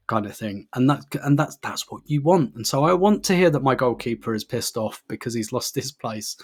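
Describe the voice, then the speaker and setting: A man's voice: medium pitch, normal speed, breathy edge. A man co-hosting a casual podcast, talking at length with frequent laughs and restarts. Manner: rambling, laughs often, many restarts. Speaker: podcast co-host.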